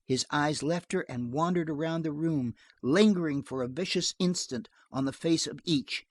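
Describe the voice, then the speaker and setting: An audiobook narrator reading a western novel aloud in an expressive storytelling manner. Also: medium pitch, normal speed, no echo, clean studio sound.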